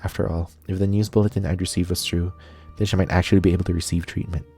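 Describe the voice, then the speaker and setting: A man streaming a visual novel, narrating its text aloud in a steady voice. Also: low voice, fast, breathy edge, soft background music. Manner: steady narration, cursing asides.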